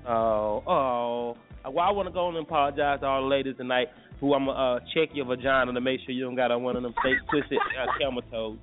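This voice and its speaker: A man's voice: medium pitch, steady tone, brisk, few pauses. Man talking crudely on a tinny line. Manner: joking, crude and profane. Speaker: radio show host. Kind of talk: casual morning show chat. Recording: tinny phone-like sound with faint music.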